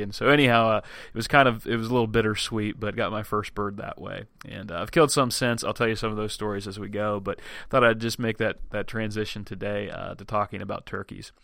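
Recorded dry, likely at home or in an office, a man introduces his podcast and slips into a casual personal story at a normal pace. His voice is gravelly, fairly low and a bit bright. He chats along, restarts frequently, and voices his own thoughts as quotes.

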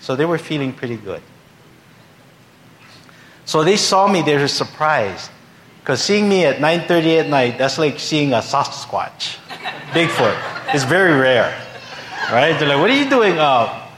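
A man's voice: on the high side, expressive, measured pace, pauses often, fairly bright tone, slight background noise. A male pastor telling a humorous story in a sermon, acting out the voices of the people in it. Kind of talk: sermon anecdote.

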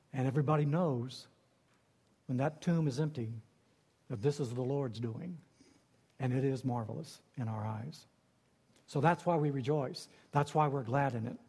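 A man preaching a sermon as pastor, rising to high emphatic cries and dropping low again. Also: warm tone, breathy edge, long reverb tail.

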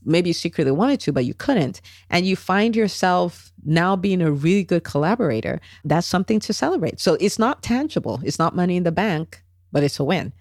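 A woman's voice: on the low side, fairly quick, no room sound. Dry-voiced woman coaching podcast host. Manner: animated, acts out quoted voices, tag questions. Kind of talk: solo podcast talk.

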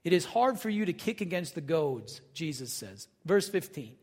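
Pastor, man, high voice, relaxed folksy sermon delivery, big hall reverb. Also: normal speed. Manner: conversational, folksy asides, acts out quotes.

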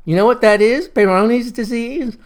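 A man's voice: extremely high pitch, normal speed, voice pushed up. A man doing a slurring, sentimental drunk. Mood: tipsy, insistent. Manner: slurred, pushy, repeats himself.

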